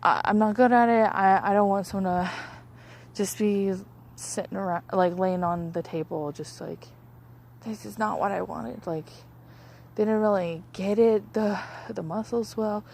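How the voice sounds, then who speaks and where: A young massage therapist chats casually about her week in a medium-pitched, darkish voice with fairly even intonation and a moderate pace. She rambles, using many fillers and restarts, and there is slight background noise.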